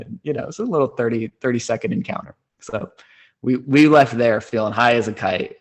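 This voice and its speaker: A man's voice: medium pitch, fairly quick. A man in his thirties, a podcast host, telling a personal story in a rambling, casual way with many fillers and restarts. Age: 30s.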